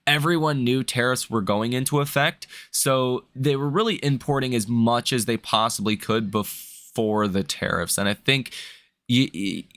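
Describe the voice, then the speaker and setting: A man's voice: mid-range voice, moderate pace, a bit bright, no room sound. A man hosting a stock market video, reading news headlines and then giving his own blunt opinions in a casual way. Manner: talks in restarts and asides like "right?" and "okay?".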